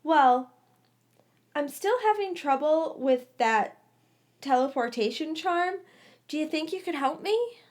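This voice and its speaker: A woman's voice: high-pitched, lively intonation, takes it slowly, long pauses, pitched above the performer's own voice. James Potter, cocky teasing schoolboy, read by a woman. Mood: eager.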